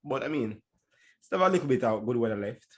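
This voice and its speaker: A man's voice: mid-range voice, lively intonation, fast. A man co-hosting a podcast, chatting in an easygoing, rambling way. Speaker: podcast co-host. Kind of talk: casual podcast chat.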